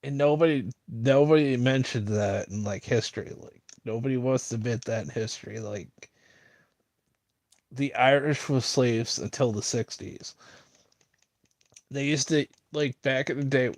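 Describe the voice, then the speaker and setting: Man, mid-pitched, dry close sound; loose rambling streamer delivering a mocking monologue. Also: unhurried, dry recording. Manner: rambling, filler-heavy, mocking.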